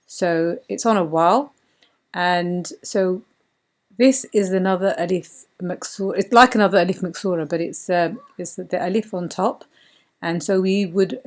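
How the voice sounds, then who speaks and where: A woman teaching Quran reading step by step, patient and repeating words slowly with many fillers. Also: mid-range voice, darkish tone.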